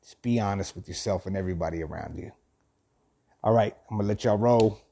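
A man's voice: lowish voice, fairly quick, vocal fry, warm tone. A man reading a passage aloud and then giving an earnest motivational talk, often repeating and restarting his phrases. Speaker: host of a thirty-day motivational journey.

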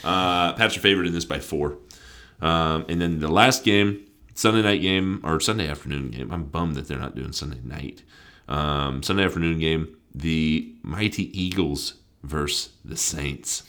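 A man's voice: rumbling low, fairly bright tone. A man co-hosting casual sports chat, joking as he makes his picks. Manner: joking, quick, playful. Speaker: co-host of a sports podcast.

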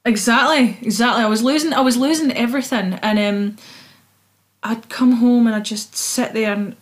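A woman's voice: a little high, normal speed. A young Scottish woman, a singer-songwriter, chatting expressively as a guest in an interview and laughing easily. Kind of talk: casual interview chat.

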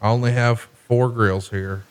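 A man's voice: mid-range voice, steady tone, unhurried, clean tone. A man hosting a casual podcast, joking and profane as he tells stories and calls wrestling action. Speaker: podcast host. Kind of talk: casual chat and wrestling commentary.

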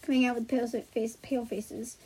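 A woman putting on a moody teenage girl with a sarcastic edge. The voice is high but delivered flat and dry. It stays close to her own way of speaking. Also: brisk, husky, rough recording.

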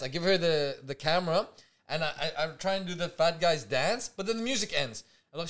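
A man co-hosting a podcast, telling a night-out story in a loose, profane, animated way and acting out what people said. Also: on the high side, quick pace. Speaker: podcast co-host. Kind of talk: casual storytelling chat.

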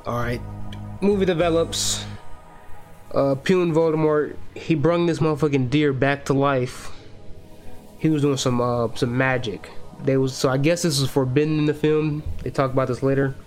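A young adult man hosting a podcast, giving a loose, profane, slangy and excitable film breakdown in a casual monologue. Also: medium pitch, normal speed, soft background music. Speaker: podcast host.

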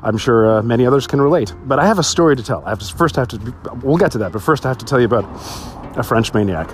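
A man telling stories on his solo podcast, swearing freely, laughing often and jumping to a high voice when excited. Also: fast talker, soft background music. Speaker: podcast host. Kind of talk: casual solo podcast storytelling.

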